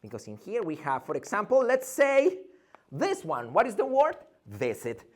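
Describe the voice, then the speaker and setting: A man's voice: very high voice, huge pitch swings, normal speed. A man teaching an English pronunciation lesson, drilling sounds by repeating them and asking and answering his own questions.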